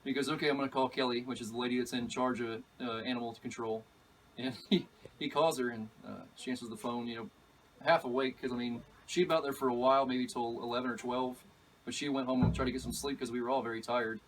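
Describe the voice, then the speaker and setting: A man telling a story as an interview guest, animated and excitable, laughing as he acts out what others said. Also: medium pitch, fast talker, far from the mic, slight background noise. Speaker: alligator catcher, guest. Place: outdoors at an animal park.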